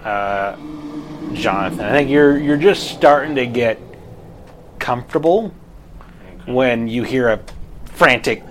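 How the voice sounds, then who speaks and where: A man's voice: mid-range voice, slow, long pauses, a little hiss or hum. A man running a tabletop game as game master, mixing dramatic narration with casual asides.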